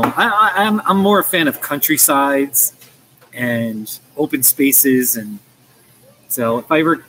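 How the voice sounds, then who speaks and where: A man's voice: mid-range voice, fairly bright tone, slight background noise, poor audio. An American man chatting casually on a livestream, rambling with lots of restarts and fillers. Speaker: livestream host. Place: coffee shop. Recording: faint café ambience.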